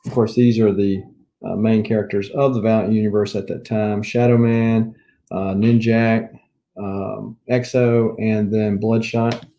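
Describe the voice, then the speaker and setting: Mellow-voiced Southern US man. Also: lowish voice, flat delivery, unhurried. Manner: rambling, chatty, listing items one by one. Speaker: comic book collector vlogger. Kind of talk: casual show-and-tell chat.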